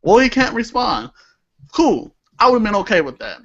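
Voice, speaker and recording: A young man with a slightly high voice, co-hosting a wrestling-style chat podcast. He talks animatedly, laughs easily and swears when something annoys him. The audio is muffled and lo-fi. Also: big pitch swings, moderate pace. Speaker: podcast co-host. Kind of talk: casual chat.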